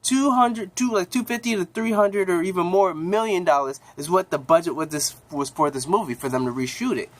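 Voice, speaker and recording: A man giving a casual, rambling movie review vlog, with lots of restarts and a voice that jumps up high when he gets worked up. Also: a little fast, few pauses, no echo.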